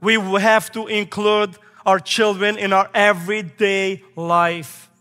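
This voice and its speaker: A man in his thirties preaching from the pulpit, emphatic and repetitive as he builds his points. His voice sits high for a man. Long reverb from a large sanctuary carries it, with faint music under it. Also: flat delivery, slow pace, pushed and bright. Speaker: pastor. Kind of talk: sermon. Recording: echoey hall with faint music.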